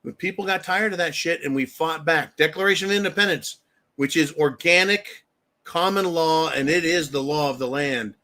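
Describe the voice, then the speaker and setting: A man's voice: a little high, normal speed, pushed and bright. Profane, angry man ranting. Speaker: host. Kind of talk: profane political rant.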